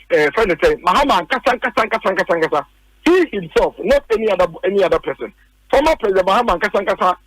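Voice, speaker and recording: Emphatic Ghanaian man, high voice. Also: a bit bright, no room sound, rough recording. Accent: Ghanaian English. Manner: emphatic, repeats points, rhetorical questions. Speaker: political commentator. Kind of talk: heated political argument on radio.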